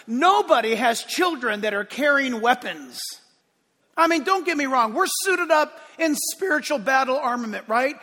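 High bright-voiced preaching man, reverberant. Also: animated, moderate pace. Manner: emphatic preaching, swinging between loud declarations and hushed asides. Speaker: pastor. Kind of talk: sermon. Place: church sanctuary.

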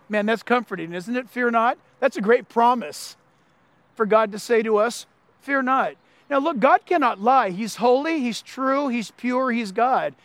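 A man with a very high voice delivers an animated sermon as a pastor. He preaches emphatically and leans on repeated phrases. The sound is close and dry. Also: no room sound. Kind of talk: Easter sermon.

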